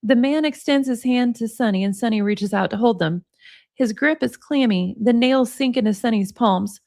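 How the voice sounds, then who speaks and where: Woman streamer, expressive reader, chatty asides, dry close sound. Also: a little high, moderate pace, vocal fry, dry recording. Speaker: livestream host. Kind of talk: book reading with casual chat.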